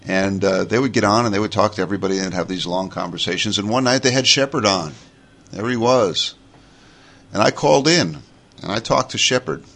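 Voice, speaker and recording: A low-voiced man in his forties talks with a New York accent as he hosts a casual podcast monologue. His tone is bright and forceful. He rambles in a chatty way, circling back with restarts and fillers. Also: fairly quick, gravelly. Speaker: podcast host.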